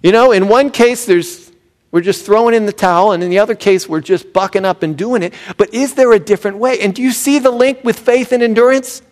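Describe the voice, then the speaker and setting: A pastor preaching a sermon, animated and swinging from loud emphasis to hushed tones. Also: male voice, high voice, fairly quick.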